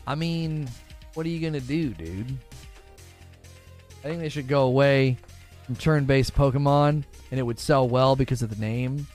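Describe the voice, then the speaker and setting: A man hosting a gaming livestream, chatting casually with viewers, joking and reading chat aloud. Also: fairly high pitch.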